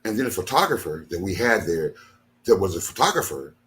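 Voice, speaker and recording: A man's voice: low-pitched, sing-song, a little fast, a bit bright, slight background noise. An older man, a ministry leader, venting angrily and repetitively from his studio, tired after a sleepless night. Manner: aggrieved, repetitive, emphatic. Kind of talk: angry venting monologue. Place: home studio.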